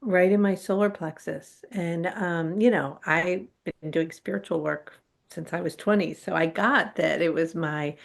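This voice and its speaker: Middle-aged woman, low-ish voice, talks animated, acts out what she said back then, spiritual guest. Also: a little slow, creaky. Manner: animated, acts out her own quoted reactions. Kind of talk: candid personal storytelling.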